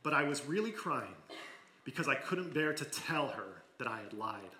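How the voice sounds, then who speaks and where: A man preaching a sermon, reading a story aloud with expressive delivery that falls to a hush in quiet moments. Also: mid-range voice, normal speed. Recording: echoey room.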